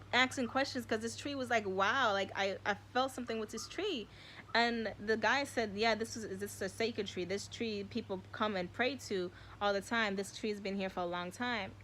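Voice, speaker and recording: A woman's voice: mid-range voice, moderate pace, a bit bright, a little hiss or hum. A woman in her twenties talking casually to her viewers, rambling and emotional, full of "like" and "y'all", close to tears at times. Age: 20s. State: tearful. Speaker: vlogger. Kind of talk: casual spiritual chat to viewers.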